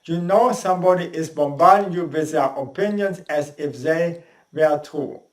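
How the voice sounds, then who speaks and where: A man giving a spoken lesson on how to use the voice, in deliberate, non-native English and demonstrating sounds as he goes. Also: a little high. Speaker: voice and speaking coach. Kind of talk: instructional talk on speaking. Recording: roomy echo.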